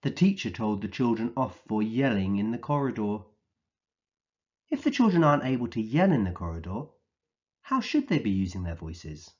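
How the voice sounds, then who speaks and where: A man with a fairly low voice that rises and falls a great deal, leading a vocabulary lesson for small children. He speaks slowly and encouragingly and acts out each word as he defines it. The recording is dull and lo-fi. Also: very animated. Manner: slow, clear, encouraging, acts out the words he defines. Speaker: early years teacher.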